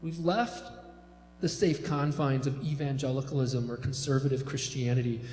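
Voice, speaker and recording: A man gives a relaxed sermon-style talk, pitched a little above the usual for a man. His delivery is conversational, with frequent asides and small restarts. He is recorded in an echoey hall with a long reverb tail and faint music underneath. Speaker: speaker retelling a parable.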